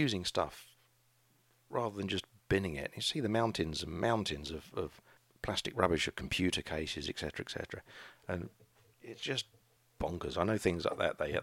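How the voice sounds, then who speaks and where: A man's voice: low voice, vocal fry, a bit bright, slightly rough, no room sound. A middle-aged man hosting a casual solo podcast, rambling and hesitant with frequent restarts. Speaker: podcast host, craft shop owner.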